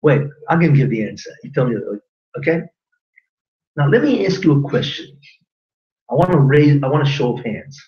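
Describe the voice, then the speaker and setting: Animated rabbi lecturing a roomy class. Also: male voice, fairly high pitch, normal speed, pauses often. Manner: animated, questioning the audience, joking. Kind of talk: lively Torah class lecture. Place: classroom with live audience. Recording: roomy lo-fi recording from a distance.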